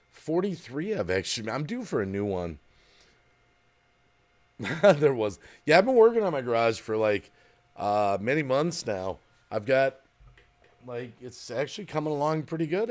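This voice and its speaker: A man's voice: mid-range voice, darkish tone. Middle-aged male streamer, casual and rambling, reads viewer comments aloud. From Wisconsin, USA. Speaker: live streamer. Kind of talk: casual live stream chat.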